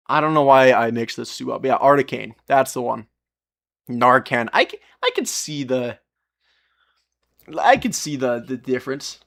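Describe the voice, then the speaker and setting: A man's voice: mid-range voice, vocal fry, a bit bright. Rambling, profane young man streaming. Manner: rambling, profane, laughing at himself; talks to chat while working, often turned away from the mic. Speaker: livestreamer. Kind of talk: casual live-stream chat while soldering.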